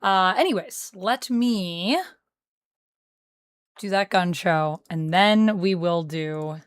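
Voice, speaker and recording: A woman's voice: fairly low pitch, takes it slowly, clear, resonant tone, no echo, clean studio sound. A Canadian woman streaming live, chatting casually and reading out viewers' chat messages as she answers them.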